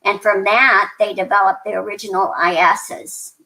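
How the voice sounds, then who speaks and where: A woman's voice: medium pitch, little pitch movement, moderate pace, sharp tone, rough recording. Chatty older woman telling rambling stories. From New Mexico, USA. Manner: rambling, many restarts and fillers, chatty. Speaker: podcast guest. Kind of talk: casual interview storytelling.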